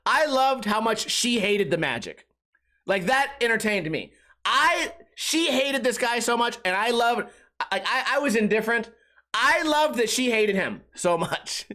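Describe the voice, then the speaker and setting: A man's voice: extremely high pitch, very animated, a little slow, sharp tone. A young man hosting a podcast, telling a rambling casual story, acting out quotes and laughing often. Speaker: podcast host.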